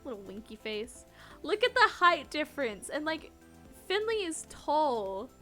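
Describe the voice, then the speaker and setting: A woman's voice: sits high, very animated, a little slow, pushed and bright, faint music behind. A young woman commenting on a dating game on a live stream, chatty and giggly, tired from no sleep, at a desk microphone at home. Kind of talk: game let's-play commentary.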